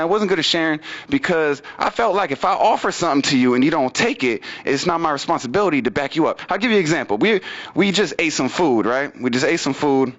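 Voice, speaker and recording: A young man doing open-mic stand-up comedy, casually telling stories, repeating "you know what I mean", with big pitch swings on punchlines. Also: a bit bright. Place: small venue at an open mic, in front of an audience. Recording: muffled lo-fi live recording.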